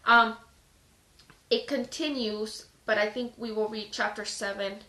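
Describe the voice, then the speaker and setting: Slightly high-pitched, with fairly even intonation and a measured pace, a woman's bright voice echoes through a roomy space as she hosts a casual phone live stream Bible reading. Out of breath, she breaks between passages to discuss them chattily, using lots of "like".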